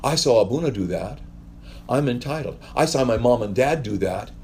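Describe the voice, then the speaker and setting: A man's voice: mid-range voice, expressive, fairly quick, darkish tone, slight background noise. A male pastor giving a conversational sermon, telling stories in a rambling way with wry asides.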